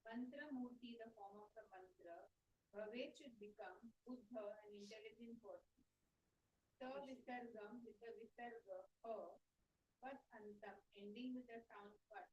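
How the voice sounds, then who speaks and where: A woman reading a scripture translation aloud in a class, slowly and carefully, word by word. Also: a little high, darkish tone, highs cut off, slight background noise. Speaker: scripture reader.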